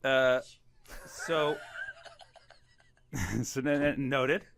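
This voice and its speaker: A man's voice: medium pitch, drawn-out words, creaky, noisy background. A man hosting a comedy podcast, laughing often and asking his guest probing questions. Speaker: podcast host. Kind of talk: casual podcast banter.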